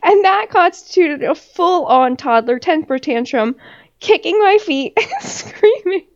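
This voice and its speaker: A woman's voice: very high-pitched, expressive, unhurried. A woman podcast co-host telling a story in casual chat, swearing freely and laughing often. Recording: dull lo-fi recording.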